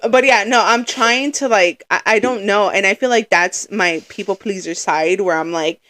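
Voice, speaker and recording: A woman's voice: medium pitch, normal speed, fairly bright tone. A young woman co-hosting a podcast, talking in a rambling, filler-heavy, emotional way. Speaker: podcast co-host. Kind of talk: casual chat.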